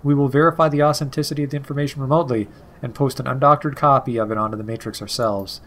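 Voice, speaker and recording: A man voicing an anonymous caller who speaks in a flat, pitch-adjusted monotone, reading game dialogue. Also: racing, lightly acted. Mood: flat formal.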